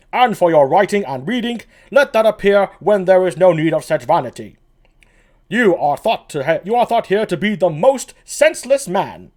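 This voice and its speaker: A man doing a put-on British accent for a pompous, bumbling male constable, loud and well-spoken. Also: sits high, pitched above the performer's own voice.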